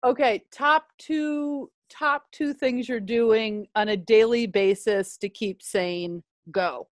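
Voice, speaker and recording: A woman's voice: fairly high pitch, fairly even intonation, slow pace. A woman comedian co-hosting a casual chat, trading dry, playful banter over a video call. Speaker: comedian co-host.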